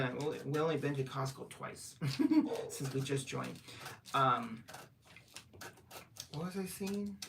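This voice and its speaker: A woman's voice: rumbling low, creaky. A middle-aged woman chatting casually with viewers on a home livestream while wrapping gifts, greeting them and laughing often. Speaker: livestream host. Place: home at night. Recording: distant mic with loud background noise.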